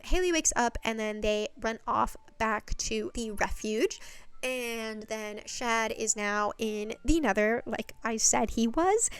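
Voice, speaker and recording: A woman's voice: on the high side, fairly bright tone, clean tone, dry recording. A woman chatting casually as she recaps a series, rambling with fillers and the odd swear. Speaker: channel host recapping a series.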